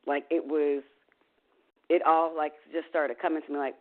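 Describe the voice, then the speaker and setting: A woman's voice: sits low, flat delivery, normal speed. A woman recounts a painful family memory, candid and emotional. She peppers her speech with "you know" and the odd curse word. The sound is thin and tinny, like a phone line. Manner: emotional, candid, swears casually, trails off in fillers. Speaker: interview guest. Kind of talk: candid personal storytelling.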